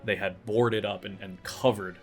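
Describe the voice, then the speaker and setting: A man's voice: fairly low pitch, fairly even intonation, moderate pace, faint music behind. A man running a tabletop game as game master, explaining rules and narrating with many fillers and restarts.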